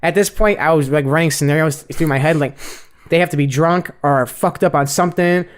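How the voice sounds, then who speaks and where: A man on a podcast who rattles through a story at a very fast clip, his voice sitting a bit high. He swears freely and jumps into quoted voices as he goes. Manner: animated, profane, quotes people in voices. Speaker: podcast co-host.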